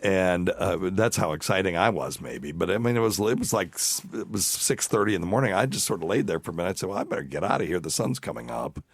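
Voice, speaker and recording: A man's voice: deep voice, animated, quick pace, vocal fry, few pauses, no echo. A middle-aged man hosting a podcast, telling a crude, rambling anecdote in casual chat. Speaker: podcast host.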